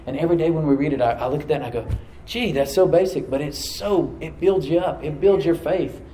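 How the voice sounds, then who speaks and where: A man's voice: a little high, fairly quick, warm tone, a little hiss or hum. A middle-aged male pastor preaching a sermon to his congregation, exhorting and repeating phrases for emphasis. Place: church hall with congregation. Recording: roomy church echo.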